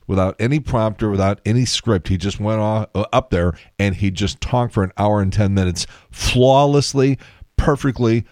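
Low-voiced podcast guy, kinda tired, wry rambling stories, dead dry mic. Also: a little mellow, dry recording. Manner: chatty, wry storytelling with asides and laughs. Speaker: podcast host. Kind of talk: casual solo podcast monologue.

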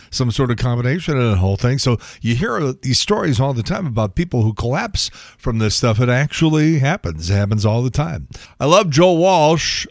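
A man's voice: mid-range voice, no room sound, studio quality. A man hosting a talk radio show, chatting in a wry, blunt way with some swearing. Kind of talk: casual talk radio monologue.

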